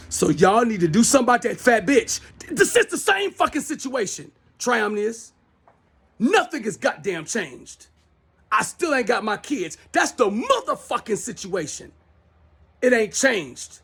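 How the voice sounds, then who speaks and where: A man's voice: high-pitched, very animated, unhurried, vocal fry, a bit bright, husky. A middle-aged man delivering a heated, profane, repetitive rant into his smartphone as the host of his own show. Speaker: self-styled show host. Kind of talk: angry rant to camera.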